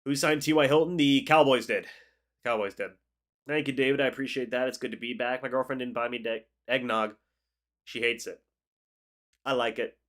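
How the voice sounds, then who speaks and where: Steady in tone and moderate in pace, he pauses often, his mid-range voice a bit bright. The congested young man, getting over the flu, runs a casual sports livestream, chatting and reading out viewer comments.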